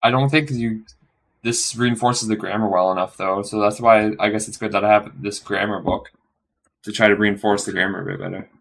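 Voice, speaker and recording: A man live streaming his study session, thinking aloud in a rambling way, correcting himself and slowly sounding out phrases. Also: lowish voice, fairly even intonation, creaky, fairly bright tone.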